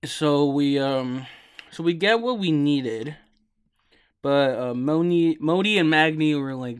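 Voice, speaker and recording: Sleepy young man rambling slowly. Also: fairly high pitch, clean tone. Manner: rambling, lots of ums and uhs, swears. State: sleepy, yawning. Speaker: podcast host. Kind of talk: casual game recap.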